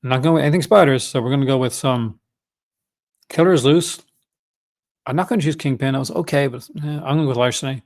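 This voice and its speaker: Man, livestream host, casual, enthusiastic, rambling, mid-pitched voice. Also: fast, pauses often, darkish tone. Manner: rambling, enthusiastic, self-correcting.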